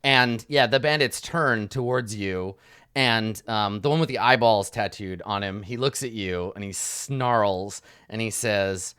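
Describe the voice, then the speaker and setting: A man's voice: fairly low pitch, measured pace, pushed and bright, clear, resonant tone. A young man narrating a tabletop game as game master in a loose, chatty way, with many fillers and restarts.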